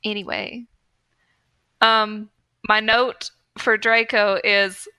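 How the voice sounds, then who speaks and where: A woman's voice: mid-range voice, little pitch movement, takes it slowly, pushed and bright, smooth, no room sound. A young woman co-hosting a casual podcast chat, chatty and fannish, laughing often. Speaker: podcast co-host.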